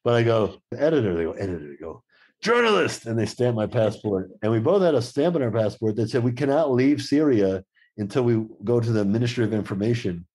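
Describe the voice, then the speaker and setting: A man's voice: mid-range voice, a little fast. A middle-aged man, a podcast guest, telling travel anecdotes in casual conversation and acting out the quoted exchanges. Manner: lively anecdotal storyteller who acts out quoted exchanges.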